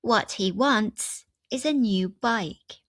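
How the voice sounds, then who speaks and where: A woman's voice: medium pitch, slow pace, dry recording. A woman teaching an English grammar lesson, walking through example sentences step by step.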